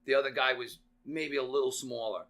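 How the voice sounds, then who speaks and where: Man, podcast guest, animated storyteller, bright forward tone, mid pitch. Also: fairly quick. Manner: animated, swears freely, acts out voices. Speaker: podcast guest, real estate veteran. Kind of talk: casual storytelling.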